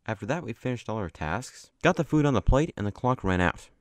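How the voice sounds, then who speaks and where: A man's voice: medium pitch, lively intonation, brisk, no echo. A man narrating a personal story casually, chatty with many asides. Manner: chatty, with lots of likes and asides.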